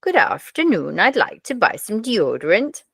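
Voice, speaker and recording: A woman putting on a Swedish man's voice and accent to tell a joke, in a high, sing-song manner. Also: very animated, normal speed, gravelly, fairly bright tone, slightly rough, no room sound, studio quality, heavily acted. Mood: joking. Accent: mock Swedish. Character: Swedish man buying deodorant.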